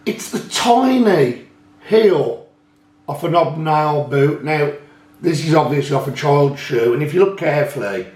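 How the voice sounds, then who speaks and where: A man with a slightly high voice chats through his finds in a loose, rambling way, often correcting himself mid-sentence. The sound is echoey, as though he is in a bare room. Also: expressive, measured pace, a little mellow. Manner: chatty, rambling, self-correcting. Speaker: magnet fishing channel host. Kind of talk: casual chat showing finds.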